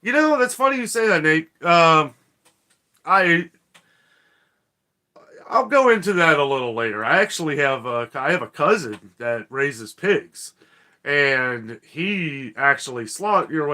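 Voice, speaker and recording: A man's voice: fairly high pitch, expressive, normal speed, bright, forceful tone. A man hosting a casual live-stream chat, reading viewer comments aloud and ranting.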